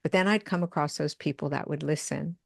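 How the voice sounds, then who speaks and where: Older woman guest, low pitch, dry close sound, animated storyteller who acts out dialogue. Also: brisk, vocal fry, no room sound. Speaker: medium and addiction counselor. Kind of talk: podcast interview storytelling.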